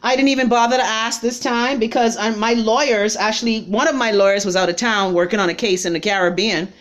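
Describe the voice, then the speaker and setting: A woman's voice: fairly high pitch, fairly even intonation, fairly quick. A middle-aged woman from the Bahamas with a Bahamian accent, hosting a casual live stream and reading viewer comments in a blunt, sassy, chatty way.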